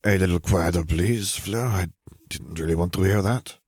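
A man's voice: deep voice, moderate pace, darkish tone, husky, no echo, studio quality. A man playing a weary, stern father. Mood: grimacing.

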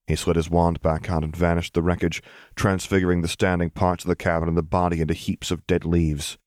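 A man narrating a fan fiction audiobook in a steady, even storytelling manner. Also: deep voice, brisk, dry recording, studio quality.

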